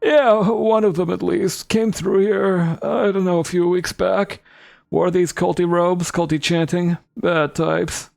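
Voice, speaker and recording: A man voicing a feral, paranoid old male goblin hermit in a shrill old-man voice. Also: fairly even intonation, takes it slowly, gravelly, darkish tone, full character voice. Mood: grumbling. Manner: shrill, suspicious, squawking.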